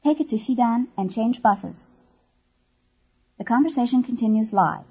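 A woman reads instructional narration in a measured, explanatory way. Her voice is quite husky and mellow, a little higher than most. It sits on a dull, lo-fi course tape.

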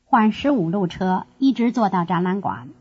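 A woman's voice: medium pitch, animated, a little mellow, slightly rough. A woman playing a student giving directions. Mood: answering. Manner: slow, careful drill delivery. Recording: dull lo-fi course tape.

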